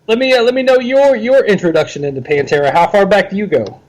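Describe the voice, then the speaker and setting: A man hosting a podcast in casual chat, upbeat and quick to laugh. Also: sits high, a little mellow, rough recording. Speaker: podcast host.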